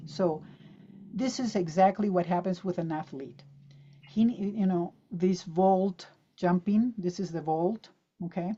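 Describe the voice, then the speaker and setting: Lively woman teaching pronunciation, lo-fi call. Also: medium pitch. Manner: lively, demonstrative, drills words aloud and quizzes the audience. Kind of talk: online teaching talk. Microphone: video call.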